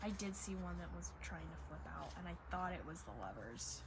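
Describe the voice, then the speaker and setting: A woman's voice: on the low side, animated, a little fast, very noisy. Emotional woman giving a tarot reading. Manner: emotional, gushing, near tears. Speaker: tarot reader. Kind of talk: casual tarot reading to camera. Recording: dogs barking in the background. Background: dogs barking.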